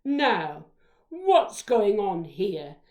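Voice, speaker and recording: A woman voicing a stern schoolteacher who speaks in a big, slow, bellowing voice. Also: a little high, wildly swooping pitch, heavily acted. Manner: slow, loud and commanding.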